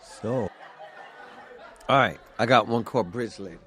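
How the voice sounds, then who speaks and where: A man's voice: on the low side, unhurried, fairly bright tone, some chatter behind, a little hiss or hum. A man hosting his own vlog who talks in a rambling, profane way and slides into telling a stand-up bit. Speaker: vlog host and stand-up comic.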